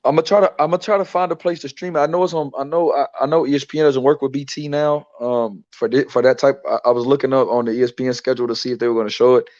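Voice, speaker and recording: A man's voice: mid-range voice, steady tone, rapid-fire, hardly any pauses, a little mellow, highs cut off. A man co-hosting a casual boxing chat, talking loosely and laughing, with frequent restarts and repeated words. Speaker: boxing podcast co-host.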